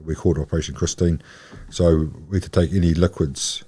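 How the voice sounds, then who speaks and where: Deep-voiced older man telling stories. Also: fairly even intonation, brisk, dark tone, slightly rough. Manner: rambling, anecdotal. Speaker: guest. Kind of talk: casual chat.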